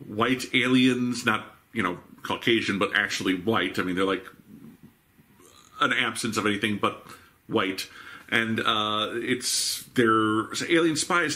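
A man's voice: lowish voice, sharp tone. A man hosting a live reaction show, chatting and musing with wry asides. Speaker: host.

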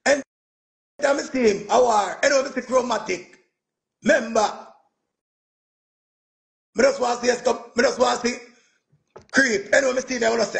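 Jamaican male performer, high gravelly voice, boastful animated storyteller. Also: brisk, pauses often. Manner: animated, boastful, repeats "man" and "yo", laughs through his telling. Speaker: music performer. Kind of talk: casual storytelling rant.

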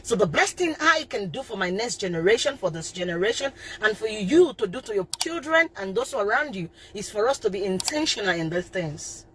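A woman's voice: medium pitch, sing-song, a little fast, few pauses, a bit bright, slight background noise. A middle-aged woman giving an impassioned live talk as a parenting coach, stressing her points and often repeating and restarting phrases. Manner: emphatic, impassioned preaching.

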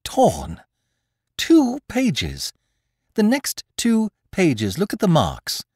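A man voicing an eager, excitable young amateur sleuth who presses with urgent questions in an audiobook. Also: medium pitch, measured pace, no echo, clean studio sound. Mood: agitated.

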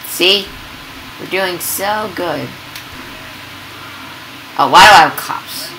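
A woman giving excitable, casual commentary over gameplay, yelping and laughing at the chaos. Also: on the low side, slow pace, a little hiss or hum, low-quality recording.

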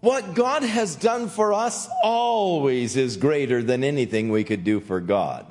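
An older man, a pastor, teaching the Bible verse by verse in a gentle conversational way, softly voicing the quotes he tells. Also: medium pitch, lively intonation, unhurried.

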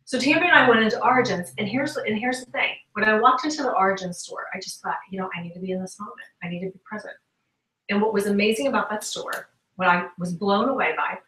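A woman giving a motivational talk to a business group, telling stories and acting out the conversations she describes. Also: medium pitch. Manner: animated storytelling, acts out quoted conversations. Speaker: guest speaker and sales trainer. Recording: echoey room, voice from a distance.

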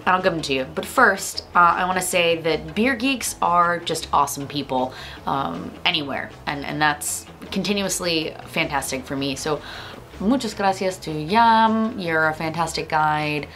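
A woman's voice: sits low, measured pace, fairly bright tone. A woman vlogger talking frankly and casually to her camera, with lots of ums and likes. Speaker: beer vlogger.

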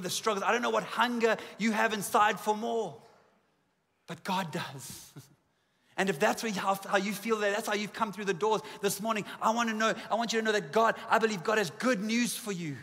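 A man preaches from a church stage, his voice high and bright, trading self-mocking jokes for strings of repeated phrases. Long reverb rings off the hall around him. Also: vocal fry. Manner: humorous, self-deprecating asides; repetitive emphatic lists. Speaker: pastor. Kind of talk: sermon. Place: church auditorium.

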